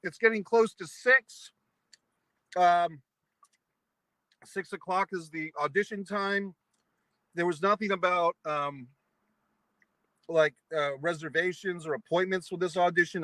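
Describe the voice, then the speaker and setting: A man's voice: high voice, moderate pace, pauses often, pushed and bright, dry recording, low-quality recording. A man from New England ranting at length, angry and profane, in a vlog monologue. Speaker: vlogger. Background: eating pizza.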